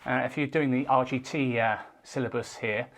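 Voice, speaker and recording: A man teaching a casual guitar lesson, talking in a relaxed way and counting beats out loud while he strums. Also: medium pitch, moderate pace. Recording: faint guitar playing behind.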